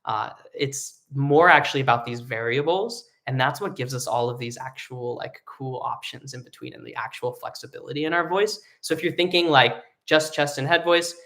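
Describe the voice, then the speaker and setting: A man teaching a live online singing lesson, explaining in a relaxed way with lots of ums and likes. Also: medium pitch, normal speed, few pauses. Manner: relaxed explaining with many fillers, breaking into sung vocal demos.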